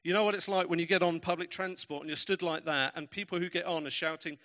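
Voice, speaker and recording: A man's voice: on the high side, steady tone, fast talker, bright, forceful tone. A man preaching a sermon, telling stories with emphatic, varied pacing.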